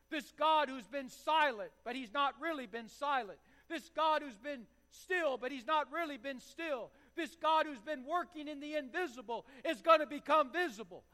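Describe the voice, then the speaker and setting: A man preaching a sermon with impassioned delivery that swells to loud, emphatic peaks. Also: very high voice. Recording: long hall reverb.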